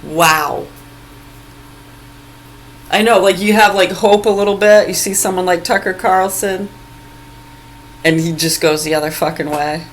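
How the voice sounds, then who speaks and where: Recorded as phone video, this ranting vlog monologue features a woman of medium pitch speaking at a normal speed. She is angry, profane, and sarcastic, laughing in bursts as she mocks people. The audio is poor, with slight background noise.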